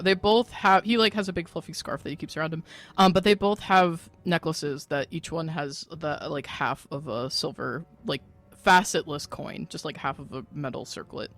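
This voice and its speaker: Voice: mid-range voice, normal speed, fairly bright tone, faint music behind. A player in a tabletop game, talking casually and hesitantly with lots of fillers.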